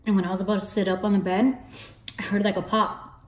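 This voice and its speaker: A woman's voice: little pitch movement, quick pace. Chatty young woman vlogging in an echoey room. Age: early 20s. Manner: chatty, swears freely, acts out her own past lines with rising pitch. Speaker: beauty vlogger. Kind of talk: casual storytelling to camera. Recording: roomy echo.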